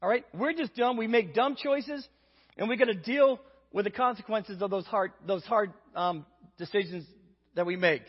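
A man's voice: high-pitched, moderate pace, husky. A man giving a sermon, telling a funny personal story and acting out the voices in it. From Indiana, US. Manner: storytelling, acts out voices, self-deprecating humor. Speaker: preacher. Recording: dull lo-fi recording in a reverberant hall.

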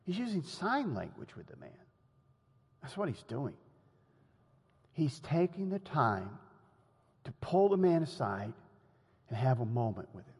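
A man preaching a sermon in a lively, conversational way, often laughing and acting out the quotes he tells. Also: medium pitch, unhurried, pauses often, breathy edge. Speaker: pastor. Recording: long hall reverb.

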